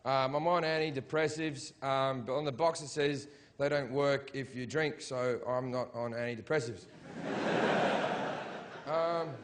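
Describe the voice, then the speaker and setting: A man performing a stand-up set in a theatre, swearing constantly and swinging between shouted rants and low, mumbled asides. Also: steady tone, a little slow, a little hiss or hum. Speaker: stand-up comedian. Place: sold-out theatre.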